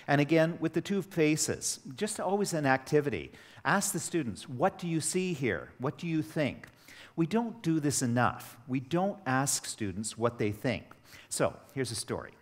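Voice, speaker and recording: A middle-aged man giving a workshop to teachers, telling stories with lively acted dialogue. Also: mid-range voice. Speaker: teacher trainer. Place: training hall. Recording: echoey hall with long reverb.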